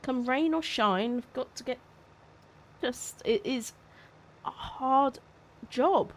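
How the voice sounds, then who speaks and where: A woman's voice: high voice, slow pace. A woman, co-hosting a farming game livestream in friendly, casual chat and thanking viewers. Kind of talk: casual live-stream chat.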